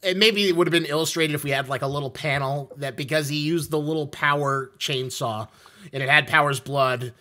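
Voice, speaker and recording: A man's voice: a little high, a little fast, bright, forceful tone. A man co-hosting a casual podcast chat, joking around and often restarting his sentences with small stammers. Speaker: podcast co-host.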